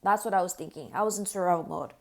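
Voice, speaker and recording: A young woman vlogger telling a personal story straight to camera, earnest and upset, full of "like" fillers, going hushed when she quotes herself. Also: lowish voice, quick pace. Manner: earnest, distressed retelling with frequent "like" fillers.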